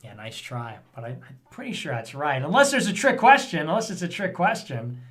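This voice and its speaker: A man hosting a vlog in a casual commentary style, rambling, sarcastic and thinking out loud. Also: a little high, very animated, brisk. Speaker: vlog host reading viewer messages.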